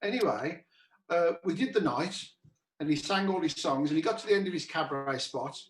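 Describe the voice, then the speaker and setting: Brisk, a little high, with lively intonation, a man hosting a cabaret chat show tells a rambling anecdote over a video call. The cabaret musician host restarts frequently and keeps repeating "he said," speaking casually, and roomy echo colors the recording.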